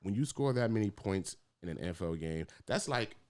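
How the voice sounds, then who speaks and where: Low-voiced man in animated sports chat. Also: brisk. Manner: animated, swears freely, laughs. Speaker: podcast co-host.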